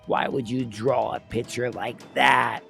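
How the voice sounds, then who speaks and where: A man's voice: medium pitch, fairly even intonation, a little slow, gravelly, fairly bright tone, faint music behind. A man reading the lines of a stern, angry father who gives commands.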